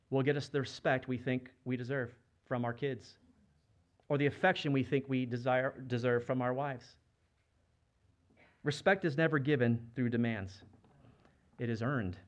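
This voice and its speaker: A man preaching a sermon as a pastor, speaking conversationally and asking the congregation rhetorical questions. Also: medium pitch. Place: church.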